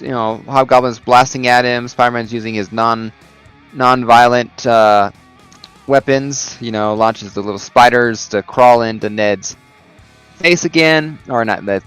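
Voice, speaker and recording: A man's voice: medium pitch, fairly bright tone, clear, resonant tone, rough recording. A man recapping a comic book in a casual video review, rambling with lots of "you know" and "uh".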